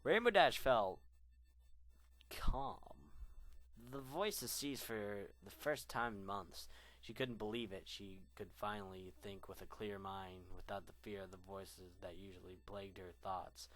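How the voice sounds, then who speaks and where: A man's voice: on the low side, measured pace, a bit bright. A young man reading a fan story aloud, rambling in asides and stumbling over words. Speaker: fan fiction reader.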